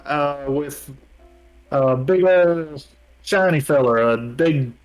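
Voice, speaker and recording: A man's voice: fairly high pitch, takes it slowly, rough recording. A man doing a folksy drawling cowboy. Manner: folksy drawl with country slang. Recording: faint music behind.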